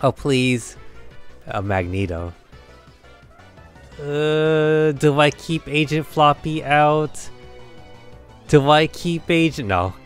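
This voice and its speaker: A man's voice: a little high, lively intonation, slow pace, pauses often, soft background music. Chatty man narrating his gameplay. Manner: chatty, laughs often, talks to himself. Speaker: game streamer. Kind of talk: let's play commentary.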